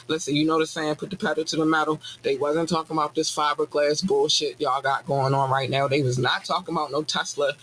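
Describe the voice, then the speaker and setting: Animated, profane podcast host man. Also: slight background noise, low-quality recording. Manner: animated, profane, jokey ranting with sudden high-pitched outbursts. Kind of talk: casual comedic monologue.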